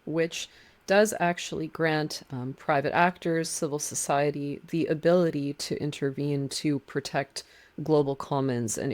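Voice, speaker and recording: A woman author explaining a legal argument in a measured, precise way. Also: sits low, darkish tone. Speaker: guest, book author on marine law.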